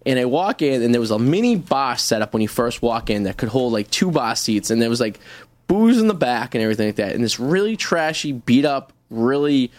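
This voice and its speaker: A man from Revere, co-hosting a studio radio show and telling a long, rambling road-trip story with halting restarts. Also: mid-range voice, sing-song, no echo. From Revere, Massachusetts. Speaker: co-host. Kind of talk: casual studio radio chat.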